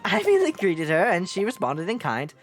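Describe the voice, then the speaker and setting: A woman voicing a haughty young noblewoman student in a game, using a high falsetto and a put-on British accent, with lofty, dismissive talk. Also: huge pitch swings, brisk, faint music behind. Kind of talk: voicing a visual novel character.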